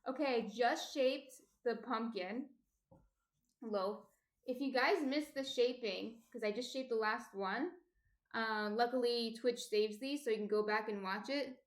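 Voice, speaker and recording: Chatting easily on a live stream, a New Jersey baker teaches sourdough, describing each step of shaping the bread and welcoming viewers by name. Her voice is a little high and unhurried, and the room echoes.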